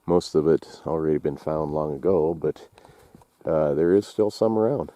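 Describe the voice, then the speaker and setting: A man's voice: extremely low pitch, normal speed, warm tone, no room sound. A man casually narrating outdoors in the snowy woods, folksy and rambling with lots of fillers. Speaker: outdoors vlogger and trapper. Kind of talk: casual walk-and-talk narration and joke telling.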